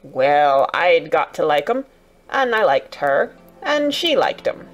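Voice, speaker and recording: A woman voicing a gruff, grumpy old male gardener who grumbles in blunt country dialect. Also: mid-range voice, animated, normal speed, faint music behind. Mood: reluctant.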